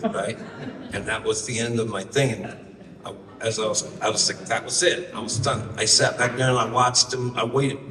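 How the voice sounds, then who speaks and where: Man rambling through a wry onstage story. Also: medium pitch. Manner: rambling, wry, profane, with loose asides and quoted voices. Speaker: singer-songwriter telling a story on stage. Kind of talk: live storytelling between songs. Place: live concert venue. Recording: roomy live hall, from far off, guitar behind.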